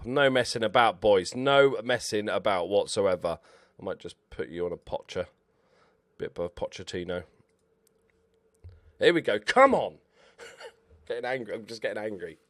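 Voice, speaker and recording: A man commentating over his own football management game, excitable and swearing at his players. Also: low-pitched, no room sound. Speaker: gaming YouTuber. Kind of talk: Let's Play commentary.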